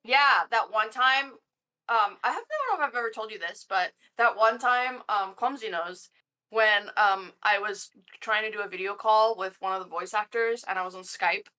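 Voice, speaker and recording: A woman designer telling a story in casual chat, loud and crude, full of swearing and fillers, with a high-pitched snorting laugh. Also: moderate pace. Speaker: game systems designer, guest.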